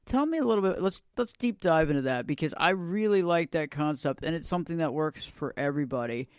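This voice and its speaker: Smooth-voiced male podcast host. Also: fairly high pitch, animated, fairly quick, no room sound, clean studio sound. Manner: warmly affirming, repeats himself. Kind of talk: casual interview chat.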